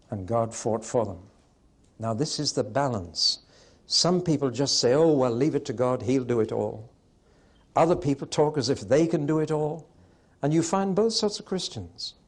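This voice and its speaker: Male preacher, mid-pitched voice, emphatic and wry, delivers a sermon to a hall audience.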